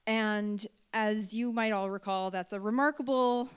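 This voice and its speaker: Woman stand-up in her thirties, self-deprecating storyteller, smooth clear voice. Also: mid-range voice, steady tone, unhurried. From Vermont. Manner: chatty, self-deprecating, many fillers and laughs. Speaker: stand-up comedian. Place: comedy stage before a live audience.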